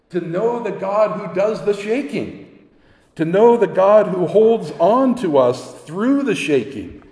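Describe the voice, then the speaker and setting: A man's voice: sits high, dark tone. A man preaching a sermon as pastor, earnest and emphatic, driving points home with repeated phrases. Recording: echoey hall with long reverb.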